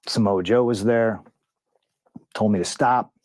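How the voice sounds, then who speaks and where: A man's voice: fairly low pitch, measured pace, a little mellow, no room sound. A man being interviewed, retelling a backstage clash in a blunt, profane, heated way. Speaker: interview guest. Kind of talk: casual storytelling in an interview.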